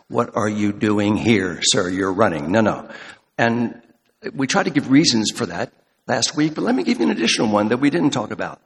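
Male pastor, mid-pitched, measured sermon delivery, slows down on quoted verses, hall reverb. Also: fairly bright tone. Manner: deliberate, slows for quoted scripture.

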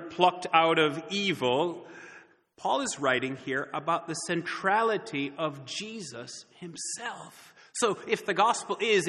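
A man preaches to his congregation with a bright, somewhat high voice, leaning on words and slowing down for emphasis. The sound carries a long reverb from a large church hall. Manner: earnest preaching with dramatic pauses and emphasis. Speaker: pastor. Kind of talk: sermon.

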